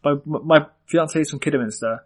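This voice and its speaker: A man's voice: fairly high pitch, quick pace. A young man from Ireland, chatting casually on a podcast and rambling with lots of fillers. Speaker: podcast co-host. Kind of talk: casual chat.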